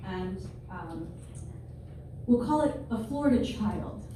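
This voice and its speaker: A woman's voice: mid-range voice, animated, slow pace, mellow. A woman in her twenties doing a stand-up comedy set in front of a live audience, wry and self-deprecating, with playful asides. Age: 20s. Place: large room with a live audience. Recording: very echoey hall, distant, noisy.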